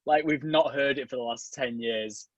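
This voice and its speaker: A man with a Mancunian accent joins in football banter with laughs and enthusiasm. His pitch is middling. The recording is dry and close. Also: moderate pace, no room sound, dull audio. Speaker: podcast co-host. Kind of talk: casual football chat.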